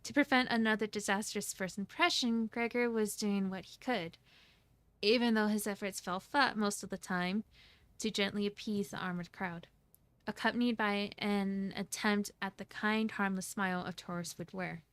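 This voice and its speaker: A woman streamer narrating a game story aloud in an animated way. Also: medium pitch, normal speed, smooth, no echo. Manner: animated, laughs often, self-correcting. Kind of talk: narration with voiced characters.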